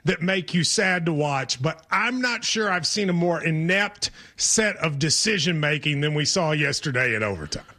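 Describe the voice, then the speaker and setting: A man's voice: fairly high pitch, lively intonation, moderate pace, hardly any pauses, bright, forceful tone. A man from Kentucky hosting a sports talk show, chatty and wry.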